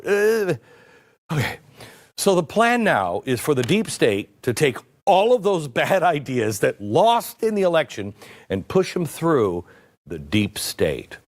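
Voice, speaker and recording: A man's voice: high-pitched, very animated, measured pace. Sarcastic man for a commentary show, voice rising and falling a lot. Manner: sarcastic, mocking asides. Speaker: political commentary host. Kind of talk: political commentary.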